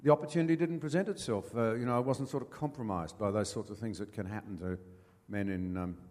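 An older man with an Australian accent, a former politician telling folksy stories as an interview guest, pausing with many fillers. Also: on the low side, darkish tone, in a large hall. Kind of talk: anecdotal storytelling.

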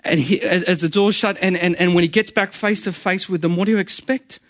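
A man's voice: high-pitched, steady tone, brisk, dry recording, clean studio sound. A man preaching a sermon in an earnest, conversational way, often repeating phrases for emphasis.

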